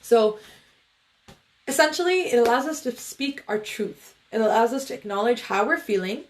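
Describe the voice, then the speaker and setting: A woman's voice: on the high side, lively intonation, normal speed, a little hiss or hum. A woman meditation coach talking casually to viewers on a livestream, in a loose, chatty way with many fillers.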